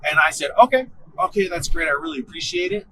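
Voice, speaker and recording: A man in his thirties telling a story in casual chat, animated and swearing freely, acting out what his bosses said. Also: high voice, quick pace, a little hiss or hum, rough recording. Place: car.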